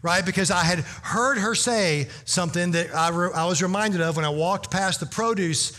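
A pastor with a high-pitched, sharp voice tells a story in a humorous, conversational sermon, speaking at normal speed. He addresses his congregation directly and leans heavily on "you know."

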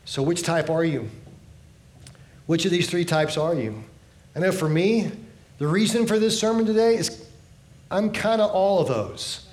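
Male pastor, earnest sermon, voice a bit high, trails off low at phrase ends, reverberant room. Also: lively intonation, a little slow, long pauses, a little mellow.

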